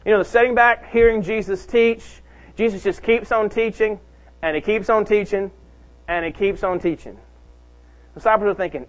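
A man's voice: sits high, steady tone, normal speed, muffled recording. A male pastor preaching a sermon, emphatic and calling out to his congregation.

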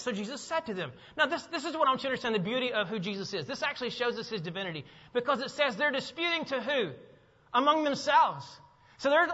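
Animated high-voiced male preacher in a hall. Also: highs cut off. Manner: animated preaching, acts out voices and asks the congregation questions. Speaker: pastor. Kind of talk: sermon. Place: church sanctuary.

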